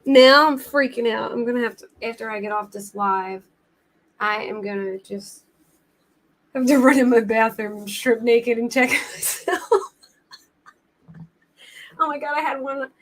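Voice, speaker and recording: A woman's voice: fairly high pitch, measured pace, long pauses. A young adult woman hosting a true crime livestream, chatting casually in a rambling, flustered way and laughing easily.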